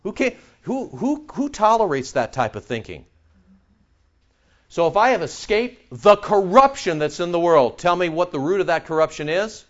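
A man preaching with a high, lively voice that swoops up and down as he fires sarcastic rhetorical questions at his congregation. The sound is dull and lo-fi. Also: normal speed. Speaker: pastor. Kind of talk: sermon.

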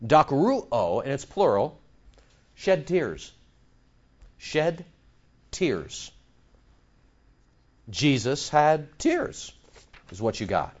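A male pastor preaching a sermon with emphatic stress that swings between loud points and soft asides. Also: medium pitch, sing-song, very slow, long pauses, muffled recording.

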